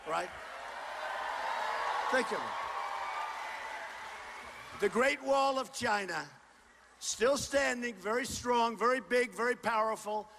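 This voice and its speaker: A man giving a campaign rally speech, punchy and repetitive and boastful, often shouting to the crowd through a stage microphone in a large indoor venue. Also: extremely high pitch. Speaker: political candidate. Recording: long hall reverb with faint crowd noise.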